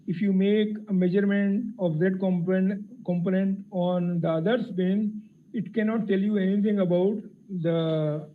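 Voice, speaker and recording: A man with a fairly high voice walks through a physics lecture, careful and explanatory, pausing often on fillers. The audio is thin and phone-like. A faint hiss sits underneath it. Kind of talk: technical lecture.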